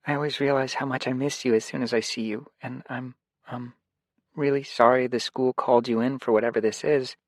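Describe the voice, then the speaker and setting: A man's voice: medium pitch, fairly even intonation, fairly quick, no room sound, clean studio sound, pitched above the performer's own voice, natural voice. A man voicing an anxious middle-school girl with psychic gifts, asking pleading, breathless questions in an audiobook. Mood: worried.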